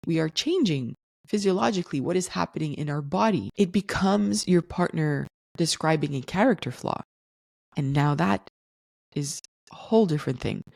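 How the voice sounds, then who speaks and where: A woman hosting a solo podcast, explaining things in a calm, teaching tone. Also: low-pitched, moderate pace, vocal fry, no echo, studio quality. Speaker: podcast host.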